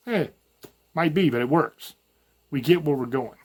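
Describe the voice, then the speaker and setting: Folksy man, higher-pitched voice. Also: animated, normal speed. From rural Virginia mountains. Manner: folksy, rambling, storytelling with self-quoted asides. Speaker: podcast host. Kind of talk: casual spoken monologue.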